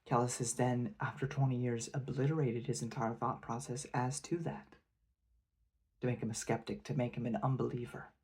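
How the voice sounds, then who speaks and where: A man's voice: medium pitch, a little mellow, husky. A man giving a rambling, hesitant spoken review of a fantasy novel. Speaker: book reviewer.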